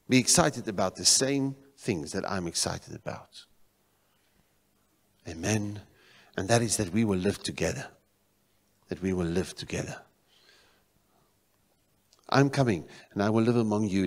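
South African pastor preaching in a reverberant hall. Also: male voice, on the low side. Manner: preaching with swings between loud exclamations and quiet emphasis. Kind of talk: sermon. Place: church sanctuary.

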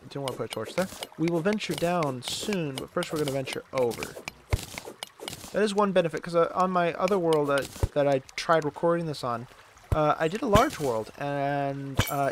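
Against a noisy background, a man with a fairly high voice narrates his gameplay casually as a gaming channel host. He rambles and mocks himself, laughing often and groaning over the top whenever his character gets hurt.

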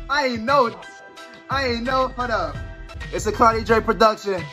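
A man's voice: very high-pitched, moderate pace, long pauses, bright, forceful tone, faint music behind. A young man doing goofy, riffing commentary while playing a horror game. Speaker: gaming YouTuber. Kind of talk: comedic let's play commentary.

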